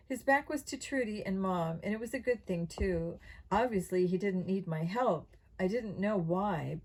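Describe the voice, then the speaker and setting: A woman reading a children's mystery novel aloud in an expressive, steady storytelling voice. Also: lowish voice, low-quality recording. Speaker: audiobook reader.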